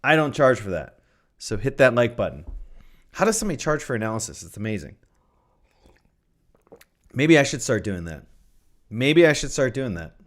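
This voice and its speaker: A man's voice: mid-range voice, big pitch swings, normal speed, pauses often. A man hosting a live trading stream, chatting casually and thinking aloud, often repeating his phrases. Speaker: trading livestream host. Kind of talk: casual livestream market analysis.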